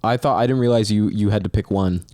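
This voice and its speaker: A man's voice: fairly low pitch, fast, mellow, no room sound. A young man co-hosting a casual comedy chat, hesitant and full of fillers and repeated words. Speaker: co-host.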